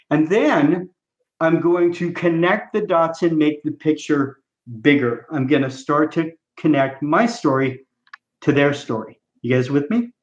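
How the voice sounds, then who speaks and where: A man coaching chiropractors as a podcast guest, teaching emphatically and role-playing patient talks. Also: a little high. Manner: emphatic, coaching, asks if listeners follow. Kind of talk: teaching and role-play demonstration. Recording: roomy, dull lo-fi sound.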